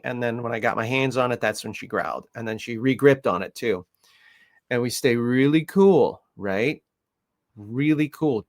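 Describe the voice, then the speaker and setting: Man, dog trainer, loose rambling chat, middle pitch, full of ums and restarts, softens to gentle coaxing. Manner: rambling, lots of fillers, coos softly when quoting himself to the puppy. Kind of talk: casual talk to camera.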